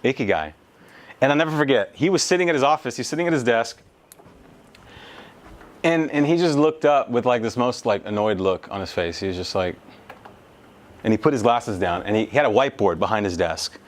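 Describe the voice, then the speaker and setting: A motivational speaker in his thirties gives a storytelling keynote in a mid-range voice, speaking fairly quickly with lively intonation. He is emphatic and conversational, and he swears casually.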